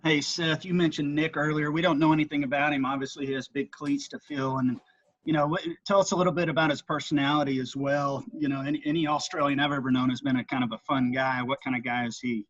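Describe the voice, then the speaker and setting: A man's voice: fairly high pitch, flat delivery, fast talker, a bit bright. A man, a newspaper sports reporter, asking friendly, chatty questions. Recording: dull remote audio.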